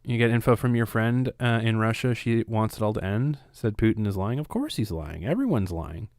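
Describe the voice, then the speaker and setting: Man, from Canada, podcast co-host, casual chat, profane, sarcastic, smooth clear voice, dry close sound. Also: on the low side, sing-song, normal speed, darkish tone, no echo. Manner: profane, ranting, sarcastic, laughs often.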